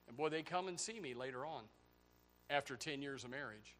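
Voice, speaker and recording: A pastor preaching a sermon, swinging from loud, high outbursts to low, quiet stretches. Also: male voice, a little fast, slight background noise. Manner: animated preaching, voice rising to near shouts and dropping low.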